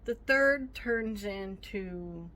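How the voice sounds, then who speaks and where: A woman's voice: medium pitch, expressive, very slow, sharp tone. A woman telling a storytime rant to her viewers, indignant and sassy, acting out both sides of an argument. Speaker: vlogger.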